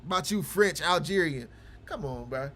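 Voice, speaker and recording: Guy hosting a stream, high sharp voice, teasing the chat, mumbles low then gets loud and ranty. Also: expressive, moderate pace, slight background noise. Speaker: livestream host of a game broadcast. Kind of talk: casual livestream chat with viewers.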